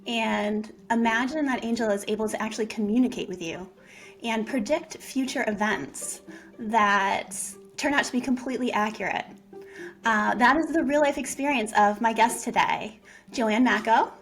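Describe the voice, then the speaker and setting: Woman host, somewhat high voice, chatty with fillers, soft music bed. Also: moderate pace. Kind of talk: interview hosting.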